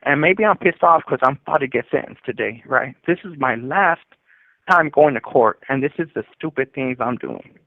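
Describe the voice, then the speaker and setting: A man's voice: medium pitch, animated, moderate pace, gravelly, dry recording. A man telling his own story in a rambling, casual way, full of fillers and quoted back-and-forth, recorded over a prison phone call.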